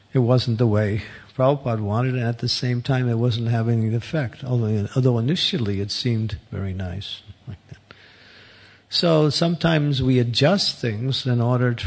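A man's voice: medium pitch, darkish tone, breathy edge. A man giving an informal spiritual talk as a devotional teacher, telling stories in a rambling way with frequent chuckles. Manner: chuckles often, rambling storytelling. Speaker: Hare Krishna teacher.

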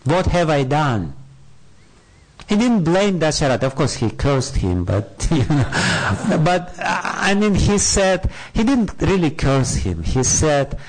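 A man retelling an old scripture story in a spiritual talk, halting and searching for words. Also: on the high side, sing-song, poor audio.

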